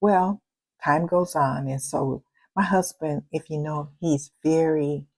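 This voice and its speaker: A woman's voice: low-pitched, a little mellow, slightly rough, no echo, low-quality recording. An older woman hosting a vlog, telling a personal story in an emphatic, repetitive, heartfelt way. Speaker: vlog host.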